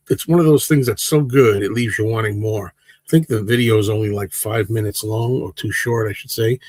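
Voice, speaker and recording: A man's voice: mid-range voice, no room sound. A man in his sixties hosting a casual livestream, rambling through viewers' comments and answering them one by one. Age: 60s. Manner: rambling, relaxed, answers chat questions one by one. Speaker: livestream host.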